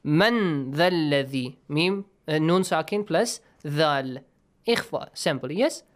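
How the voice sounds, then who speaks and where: A man's voice: on the high side, expressive, takes it slowly. Patient man teaching Quran recitation rules. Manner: patient, step-by-step explaining, checks understanding with "yes?". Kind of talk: radio Quran lesson.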